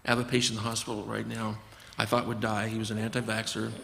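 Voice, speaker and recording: A man's voice: fairly low pitch, completely flat delivery, quick pace, gravelly, bright, forceful tone, long reverb tail, a little hiss or hum. A man, a physician guest, talking earnestly and explaining his approach, often acting out conversations with patients. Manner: earnest, acts out dialogues with patients.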